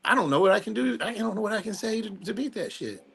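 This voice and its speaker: Older guy cohosting a podcast, bright punchy voice, rambles and cracks up a lot. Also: high-pitched, expressive, fast, gravelly, slight background noise. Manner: rambling, laughing, self-interrupting. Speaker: podcast co-host. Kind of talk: casual crude banter.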